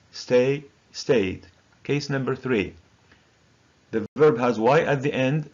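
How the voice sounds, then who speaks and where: A man teaching English grammar with a Moroccan accent, a native Moroccan Arabic speaker who drills each word slowly and deliberately. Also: mid-range voice, a little mellow, dull audio. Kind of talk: recorded grammar lesson.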